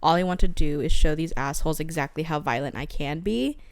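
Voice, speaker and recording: A woman's voice: low voice, a little fast, no room sound. A young woman co-hosting a casual book podcast, reading quotes aloud and laughing often as she shares theories. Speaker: podcast co-host. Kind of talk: casual book-discussion chat.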